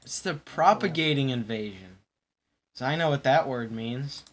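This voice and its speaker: A man's voice: mid-range voice, animated, normal speed. A young man hosting a casual chat stream, rambling and joking, often breaking into laughter. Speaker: stream host.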